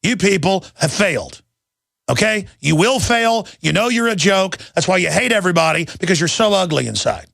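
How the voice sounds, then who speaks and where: Gravelly, high-pitched ranting man. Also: animated, moderate pace, a bit bright, dry recording, clean studio sound. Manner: ranting, combative, scornful. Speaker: radio talk show host. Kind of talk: angry radio monologue.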